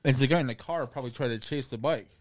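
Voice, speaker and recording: A man's voice: medium pitch, fast talker, a crowd in the background. A young man in casual podcast chat, wisecracking and swearing in a silly way. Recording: clear background noise.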